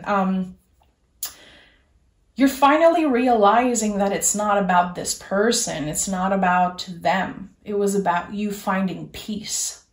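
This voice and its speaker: A woman giving a tarot reading, speaking in a soft, earnest and reassuring way, straight to the listener. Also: mid-range voice, slow pace, reverberant. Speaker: tarot reader. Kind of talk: gentle spoken tarot reading.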